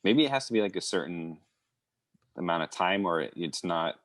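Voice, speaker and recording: Brief: young male guest, very low voice, dry close sound, laid-back chat. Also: expressive, normal speed, fairly bright tone, no room sound. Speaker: podcast guest. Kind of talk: casual chat.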